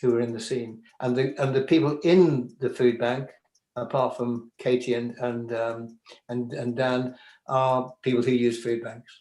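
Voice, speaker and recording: British guy talking slow and careful, lots of restarts, echoey room. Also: mid-range voice, flat delivery, mellow. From Britain. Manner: hesitant, thoughtful, many restarts. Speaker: filmmaker guest. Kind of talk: conversational talk. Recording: roomy echo.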